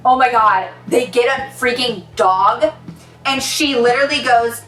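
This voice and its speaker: A young woman rants about a book she hates, sarcastic, fed up and swearing as she mocks the characters. Her voice sits high. It sounds roomy and a bit distant from the mic, with faint music underneath. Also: unhurried, a bit bright. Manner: exasperated, sarcastic, swearing, with mocking quoted voices. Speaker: book reviewer. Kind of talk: ranting book review.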